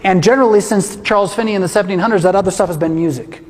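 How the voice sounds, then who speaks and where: A man's voice: sits high, racing. A man who is a pastor, giving an emphatic teaching presentation to a congregation and asking many rhetorical questions. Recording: echoey hall reverb.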